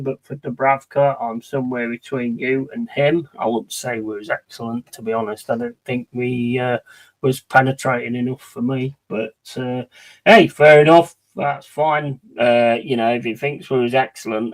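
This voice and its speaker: A man's voice: mid-range voice, poor audio. A man streaming a football watch-along, talking in a heated, blunt, sweary casual rant. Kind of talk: casual ranting stream chat.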